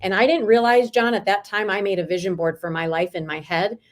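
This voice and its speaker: A woman in her forties, a real estate team leader, telling lively stories as an interview guest. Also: mid-range voice, a little fast. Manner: lively, animated anecdotes. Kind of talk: storytelling in a video interview.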